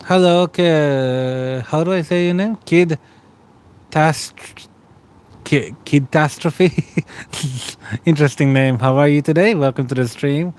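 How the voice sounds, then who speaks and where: A man's voice: fairly high pitch, slow pace, pauses often, clean tone. Tired man chatting from bed. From Australia. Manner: relaxed, rambling, greets chat by name. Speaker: streamer. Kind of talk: casual chat with viewers. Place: bedroom, lying in bed.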